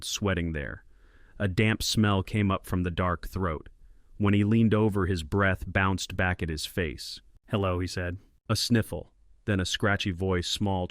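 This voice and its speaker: A man narrating a scripted western story in a low, calm and measured way. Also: no room sound, clean studio sound.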